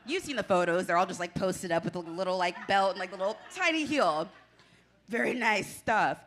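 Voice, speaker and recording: A young woman from Washington, D.C. works through a stand-up set in a small club. Her voice is bright and sits in the middle of the range, and she talks in a chatty, self-deprecating way, laughing between jokes. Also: medium pitch. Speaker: stand-up comedian. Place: small club stage with audience.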